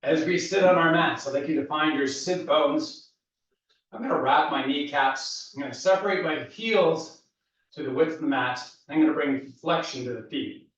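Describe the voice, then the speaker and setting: A man leading a guided workout with calm, steady coaching cues, out of breath. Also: a little high, normal speed. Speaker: fitness instructor. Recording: echoey room, voice from far off, dull sound.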